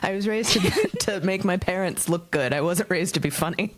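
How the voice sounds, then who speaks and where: A woman's voice: on the low side, normal speed. A woman guest on a casual podcast chat, blunt and self-deprecating. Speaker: podcast guest, actual play performer.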